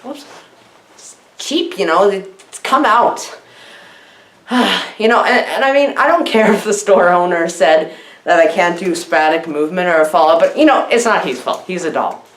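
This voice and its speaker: A woman's voice: lowish voice, lively intonation, normal speed, echoey room. A woman giving a mock-enthusiastic comedic film review, rambling and giggly, heaping over-the-top praise.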